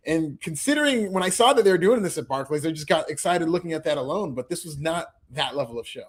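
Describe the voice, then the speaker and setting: Co-host, male, slightly high voice, relaxed opinions, laughs readily. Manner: easygoing, quick to laugh, opinionated. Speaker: podcast co-host. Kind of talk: casual chat.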